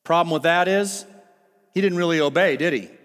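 A man preaching a sermon, animated and full of rhetorical questions to his listeners. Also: fairly high pitch, fairly quick. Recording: long hall reverb with faint music.

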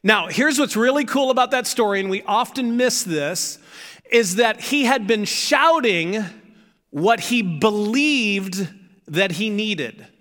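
A man preaching a sermon as pastor, animated, acting out shouted pleas from the story. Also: high voice, slow pace, in a large hall.

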